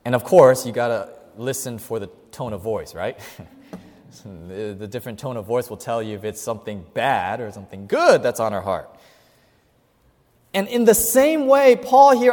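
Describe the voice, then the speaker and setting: A male pastor preaching a sermon, asking his congregation questions and swinging between loud emphasis and hushed, quiet passages. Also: mid-range voice. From Chinese family. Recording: hall reverb.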